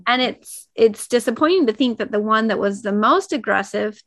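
A woman's voice: a little high, expressive, normal speed, fairly bright tone. A woman co-hosting a podcast discussion, earnestly telling anecdotes from home life. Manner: earnest, anecdotal, often acts out little quoted exchanges. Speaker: podcast co-host. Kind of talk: casual panel discussion.

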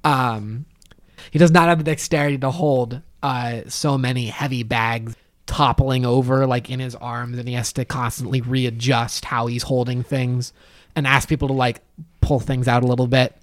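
A man playing a tabletop game, explaining his character with halting, filler-filled talk. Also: mid-range voice, level tone, no room sound, studio quality. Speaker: player.

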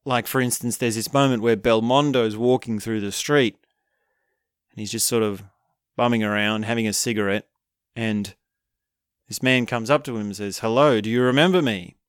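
A man casually recapping a film, telling it with animated energy and acting out the characters' lines with chuckles. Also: fairly low pitch, normal speed, clean tone, no room sound, clean studio sound. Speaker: film reviewer.

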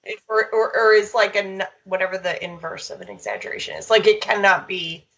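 Dog trainer lady telling stories, lively, bit muffled lo-fi audio. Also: mid-range voice. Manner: animated, storytelling, quick asides. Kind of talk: casual conversational chat.

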